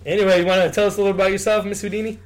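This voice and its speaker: A man's voice: sits high, little pitch movement, very fast. A young man co-hosting a casual comedy podcast, teasing the guest and making silly sound effects. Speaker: podcast co-host. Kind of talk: casual joking chat.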